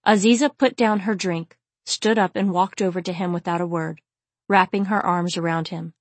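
A woman narrating a novel in a steady, measured reading voice. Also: on the low side, no echo. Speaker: audiobook narrator. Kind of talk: scripted fiction narration.

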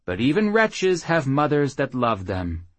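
A man's voice: medium pitch, very animated, no echo, voice pushed up. Man voicing a sneering pompous captain. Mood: scheming. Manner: gloating, contemptuous, drawn-out sneers. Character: haughty sneering male captain, cruel and pompous.

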